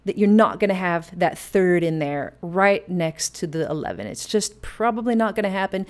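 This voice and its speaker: A woman's voice: fairly low pitch, expressive, normal speed. A woman hosting a casual piano lesson and plugging her classes, chatty and enthusiastic with playful asides. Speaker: music teacher and host. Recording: faint piano music behind. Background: piano playing.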